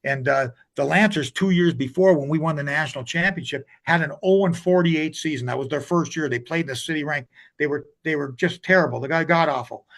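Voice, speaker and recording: A man's voice: fairly high pitch, brisk, vocal fry, fairly bright tone. An older man, a hockey coach telling long stories as an interview guest, rambling with many restarts. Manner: rambling, retells conversations with many restarts and "he goes".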